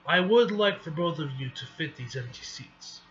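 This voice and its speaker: A calm older professor lays out his plan in a measured way, read aloud by a man. The voice is bright and a little high. Faint hiss sits under a dull recording. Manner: measured, reasoning, halting reading.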